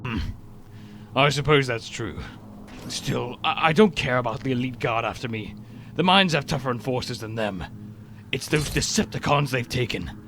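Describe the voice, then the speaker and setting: A man voicing a weary, hunted male robot rebel leader in a fan audio drama, speaking with passion that sinks into quiet defeat. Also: medium pitch, expressive, moderate pace, slight background noise. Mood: grim. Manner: impassioned, then quietly defeated.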